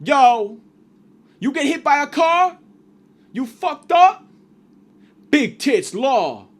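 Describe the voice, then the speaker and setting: A man voicing a loud, brash male ad pitchman who shouts a hard sell. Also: sing-song, very slow, exaggerated voice. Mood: hyped.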